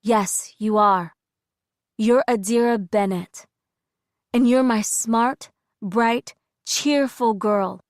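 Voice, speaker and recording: A woman narrator voicing a calm, soothing female caretaker in an audiobook, measured and firm. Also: on the high side, dry recording, studio quality. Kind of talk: audiobook character voice.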